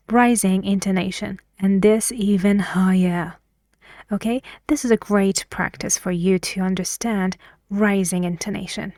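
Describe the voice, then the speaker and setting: A woman teaching English pronunciation, speaking slowly and carefully and swinging her pitch up and down to model intonation. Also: a little mellow, no room sound, clean studio sound. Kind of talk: pronunciation lesson.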